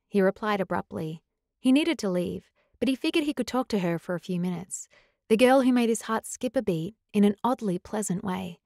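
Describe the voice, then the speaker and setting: A woman reading a romance audiobook in an even storytelling manner on a close studio mic. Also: medium pitch, moderate pace, gravelly, dry recording. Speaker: audiobook narrator. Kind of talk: scripted narration.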